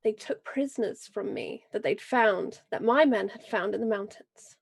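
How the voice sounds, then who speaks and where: A woman's voice: mid-range voice, animated, gravelly, slightly rough. A woman playing a proud, vengeful noble lady. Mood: grave storytelling. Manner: grave, measured and forceful. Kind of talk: in-character role-play speech.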